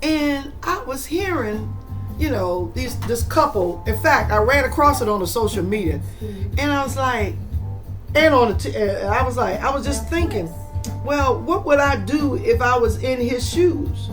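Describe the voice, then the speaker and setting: A middle-aged woman hosting a podcast, talking in an animated, rambling, preachy way with swooping emphasis. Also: high voice, unhurried, music in the background. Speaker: podcast host. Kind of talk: casual monologue.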